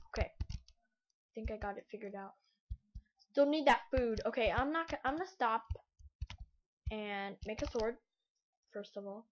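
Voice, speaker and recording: A woman giving rambling gameplay commentary, thinking aloud as she plays, on a laptop mic in a room at home. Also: fairly high pitch. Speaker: let's play gamer. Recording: dull lo-fi mic, faint hiss.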